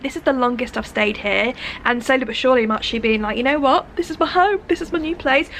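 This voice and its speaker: A young woman talks casually to her phone camera in a vlog. Her voice sits fairly high and she is chatty and giggly. A faint hiss of background noise runs underneath. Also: creaky, fairly bright tone. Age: 20s. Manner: chatty, bubbly, giggly asides. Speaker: vlogger. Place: large indoor shopping centre. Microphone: phone held at arm's length.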